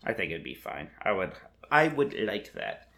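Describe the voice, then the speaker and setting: A man's voice: deep voice, very animated, moderate pace, gravelly, fairly bright tone. A man co-hosting a podcast in casual chat, joking and teasing his co-host.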